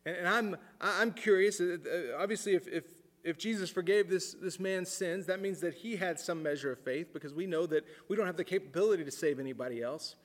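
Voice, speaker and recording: A man preaching a sermon in an earnest way, repeating words as he thinks aloud and dropping his voice low for emphasis. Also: fairly quick, few pauses, big-room sound. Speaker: pastor.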